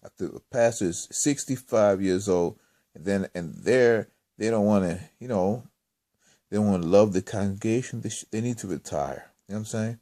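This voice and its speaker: A man's voice: on the low side, moderate pace, mellow. A man telling a story in a casual, rambling monologue, often exasperated and repeating himself. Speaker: vlogger.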